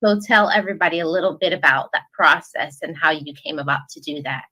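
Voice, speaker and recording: A woman's voice: low-pitched, quick pace, bright, forceful tone, poor audio. A woman hosting a casual video-call interview, asking friendly questions with many fillers. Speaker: show host.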